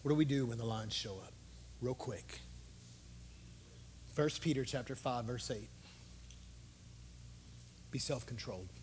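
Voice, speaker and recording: A male pastor preaching a sermon in an impassioned way, moving between hushed low talk and loud, urgent exhortation. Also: a little slow, pauses often, slight background noise.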